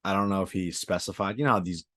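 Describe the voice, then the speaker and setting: A man's voice: sits low, fast talker, fairly bright tone, no room sound. A man co-hosting a fight-sports podcast, talking loosely with plenty of swearing and "dude.". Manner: loose, profane, says dude a lot. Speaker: podcast co-host. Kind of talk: casual sports chat.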